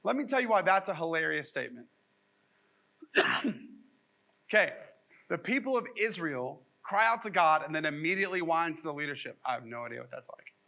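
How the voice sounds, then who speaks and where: A man's voice: fairly high pitch, sing-song, brisk, gravelly, long pauses, bright, forceful tone, poor audio. A man preaching a sermon at a church as pastor, conversational and joking, acting out quotes in mock voices.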